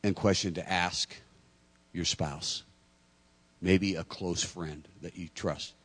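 A middle-aged pastor preaching a sermon, acting out lively stories with self-deprecating humor and stammers. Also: male voice, low-pitched, slow, husky. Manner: animated storytelling, acting out dialogue.

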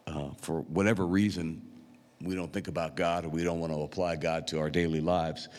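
Deep-voiced man preaching in a reverberant church. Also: fairly even intonation, a little mellow. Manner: unhurried, conversational, with frequent pauses and fillers. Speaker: pastor. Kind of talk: sermon storytelling. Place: church sanctuary.

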